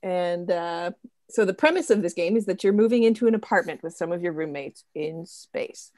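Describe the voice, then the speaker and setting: Young woman hosting a game stream, kinda low voice, lots of ums, dry close mic. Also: expressive, normal speed, a little mellow, dry recording. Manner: chatty, giggly, many fillers. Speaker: host. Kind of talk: casual chat, introducing a game stream.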